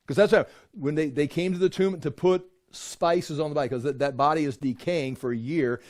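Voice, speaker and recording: A man leads a Bible study in an informal, animated way. His voice sits a little high, and he acts out the people he quotes, with his pitch climbing as they grow indignant. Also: moderate pace. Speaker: Bible teacher.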